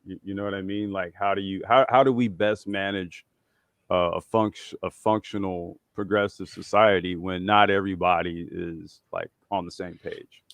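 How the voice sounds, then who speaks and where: Man, low voice, dry close sound, casual livestream guest, restarts a lot, turns emphatic. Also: fairly even intonation, normal speed, no echo. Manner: thinks aloud with many restarts and fillers. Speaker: podcast guest.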